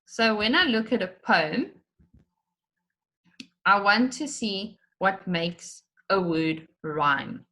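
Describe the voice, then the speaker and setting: Slow, patient woman teacher. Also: medium pitch, expressive, pushed and bright. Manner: explains step by step, stretching out words to show syllables. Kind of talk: slow, patient online lesson for children.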